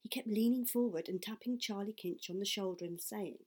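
A woman's voice: mid-range voice, a little fast, a little mellow. Woman reading a storybook aloud. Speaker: audiobook reader. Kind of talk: storybook narration.

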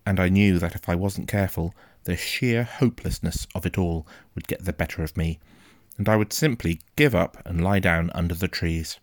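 Deep-voiced male audiobook narrator. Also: no room sound. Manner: quiet, measured, suspenseful. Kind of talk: first-person storybook reading.

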